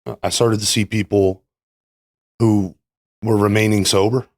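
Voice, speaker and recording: Podcast guest, male, lowish voice, earnest and halting, lots of fillers. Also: level tone, a little mellow, dry recording, studio quality. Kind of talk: casual conversation about recovery.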